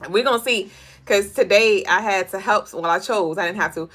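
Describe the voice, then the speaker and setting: A woman's voice: medium pitch, moderate pace, fairly bright tone, soft background music. A woman hosting a casual livestream of daily spiritual and tarot readings. She is chatty and profane, laughs often, and reads chat comments aloud.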